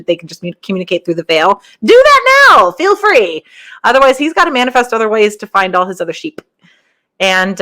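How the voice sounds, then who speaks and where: A woman hosts a podcast, delivering a casual spiritual monologue full of stories, frequent laughs and rambling asides. Her voice is a bit bright and jumps higher whenever she quotes someone.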